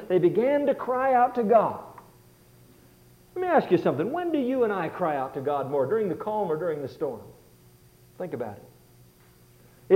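A man preaching a sermon as a pastor, swinging between loud passages and hushed ones. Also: high voice. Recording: tinny phone-like sound.

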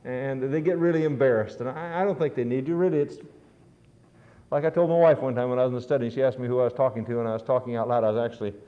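A man's voice: medium pitch, steady tone, racing, mellow. A middle-aged man preaching a sermon, telling stories with earnest, rising emphasis. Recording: dull lo-fi recording.

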